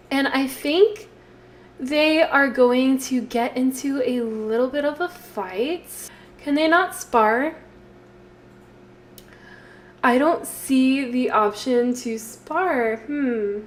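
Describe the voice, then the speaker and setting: A woman casually talking through her game, inventing a story as she plays. Her voice sits fairly high, and she speaks at an unhurried, drawn-out pace. Fillers and pauses break up her chatty storytelling. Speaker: let's play host.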